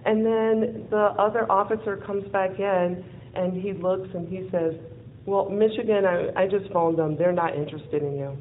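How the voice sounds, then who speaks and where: A woman speaker at a live event, telling a personal story in an animated way, acting out the dialogue and laughing often. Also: mid-range voice, normal speed. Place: event venue in front of an audience. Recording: tinny phone-like lo-fi audio with faint hiss.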